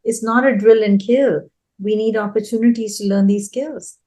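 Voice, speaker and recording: A woman's voice: mid-range voice, steady tone, normal speed, dark tone. Female education consultant, earnest interview guest who stresses points by repeating them. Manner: earnest, repeats key phrases for emphasis. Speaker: early childhood education consultant.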